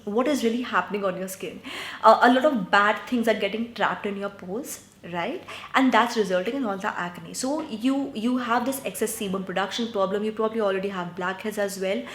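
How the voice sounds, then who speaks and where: A woman's voice: medium pitch, a bit bright. A woman from India giving skincare advice in a chatty vlog, often checking in with "right?" and addressing her viewers as guys. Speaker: beauty vlogger. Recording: echoey room.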